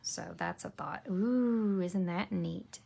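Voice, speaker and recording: Working through a papercraft project, this woman chats casually and thinks out loud, lowering to a whisper when focused. She takes it slowly, her medium-pitched, dark-toned voice swinging hugely in pitch and showing vocal fry.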